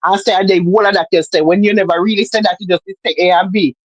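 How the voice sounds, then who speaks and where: A woman's voice: medium pitch, fairly even intonation, fast, no room sound, low-quality recording. A woman with a Jamaican accent chatting casually on a livestream, emphatic and repetitive, as if lecturing.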